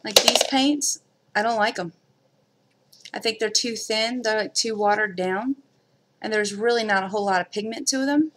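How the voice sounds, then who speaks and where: A woman's voice: on the high side, normal speed. Woman, casual craft livestream chat, rambling self-talk, noisy home recording, clicks behind.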